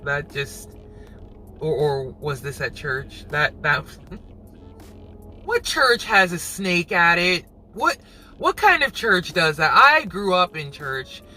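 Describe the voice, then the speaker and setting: A man hosting his own reaction channel, musing aloud in casual commentary and quick to laugh. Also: high-pitched, very animated, sharp tone, soft background music, low-quality recording.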